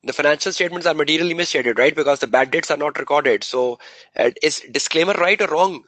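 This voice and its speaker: A man's voice: fairly high pitch, fast, fairly bright tone, dry recording, rough recording. A man giving a live exam revision lecture, quizzing students with rhetorical questions and repeating key words for emphasis.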